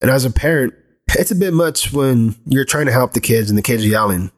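A man in his thirties speaks as a father, earnest and candid, at an ordinary mid-range pitch. He rambles a little as he talks through his thoughts, open and unpolished. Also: expressive, a little fast. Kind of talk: reflective personal talk.

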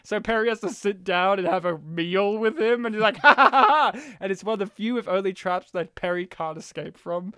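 A man chatting casually over a film with friends, his voice smooth and resonant and recorded dry and close. He talks animatedly and keeps breaking into goofy impressions. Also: sits high, a little fast, few pauses, a bit bright, no room sound. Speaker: podcast co-host. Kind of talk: casual movie commentary chat.

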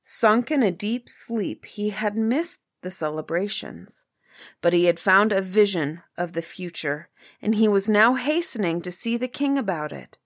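A woman narrating a fairy tale in an unhurried, lilting storytelling manner. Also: medium pitch, lively intonation, no room sound, clean studio sound. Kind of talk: storybook reading.

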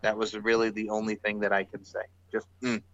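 A young man co-hosts a casual podcast, talking in a loose, rambling way and often sounding exasperated. His voice is bright and forceful, and he keeps restarting his sentences. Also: on the low side, completely flat delivery, brisk, no echo, dull audio. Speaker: podcast co-host. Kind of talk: casual wrestling podcast chat.

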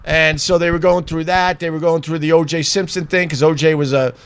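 High-voiced man chatting casually. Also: steady tone, brisk, a bit bright, smooth. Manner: rambling and chatty, many fillers. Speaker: vlogger. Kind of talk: casual commentary.

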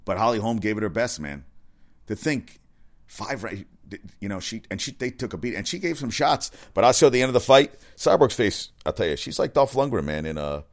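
Deep-voiced man ranting about sports. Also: fairly quick. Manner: excitable, profane, rambling with self-corrections. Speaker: sports commentator. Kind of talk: casual sports rant.

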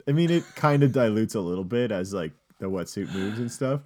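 A man's voice: lowish voice, expressive, brisk, a little mellow. A man co-hosting a podcast, telling a rambling story in casual banter, with lots of fillers. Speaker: podcast co-host.

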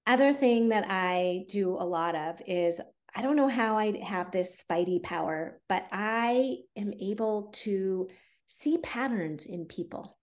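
A woman's voice: mid-range voice, animated, a little slow. A woman guest on a podcast, a fertility coach explaining her methods in an earnest, conversational way with fillers. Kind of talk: podcast interview.

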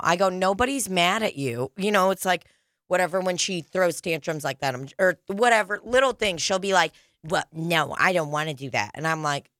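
Young woman, crude and jokey, bright low-ish voice, dry close mic, rambling podcast co-host. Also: animated, normal speed, no room sound. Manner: crude, joking, rambling with lots of fillers. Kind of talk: casual chat.

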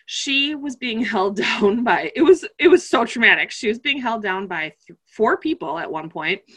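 A woman chatting casually about her family, an animated storyteller who laughs often and acts out the voices of others. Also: on the high side, moderate pace, slightly rough. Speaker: parent telling a family story. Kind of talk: casual chat.

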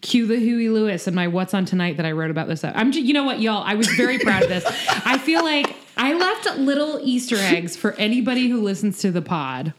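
A tired woman co-hosting a podcast in casual chat, talking fast and loose, swearing freely and laughing often. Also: medium pitch, animated. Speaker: podcast co-host.

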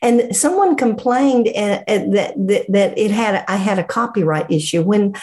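A woman's voice: mid-range voice, lively intonation, normal speed, a little mellow. A woman, a pastor guest in a casual interview, who calls people darling and often hesitates mid-sentence.

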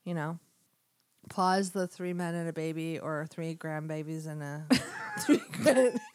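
A woman's voice: deep voice, huge pitch swings, a little slow, darkish tone, dry recording. A woman co-hosting a casual podcast, giggling and riffing on absurd bits. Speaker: podcast co-host.

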